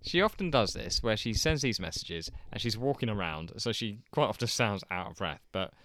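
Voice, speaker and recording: A man's voice: on the low side, animated, normal speed, a bit bright, dry recording. A man co-hosting a podcast, chatting casually and chuckling often. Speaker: podcast co-host.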